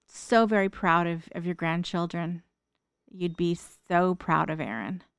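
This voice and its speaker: A middle-aged woman talks softly and reflectively, as if speaking straight to her late mother. Her voice sits low and sounds smooth and clean. The recording is dry, with no room around her. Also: no echo. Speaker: daughter writing an open letter. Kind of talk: heartfelt spoken monologue.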